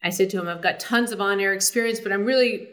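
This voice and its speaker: A middle-aged woman, a sportscaster guest, telling stories in a casual interview, animated and full of fillers and restarts. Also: mid-range voice, quick pace.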